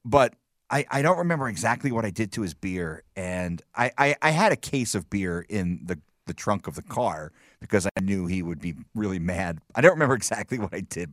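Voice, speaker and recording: Guy on a podcast telling stories, lively up-and-down voice, lots of restarts, dry close sound. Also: low-pitched, no echo. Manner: animated storyteller, many restarts, acts out quotes. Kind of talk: casual chat, storytelling.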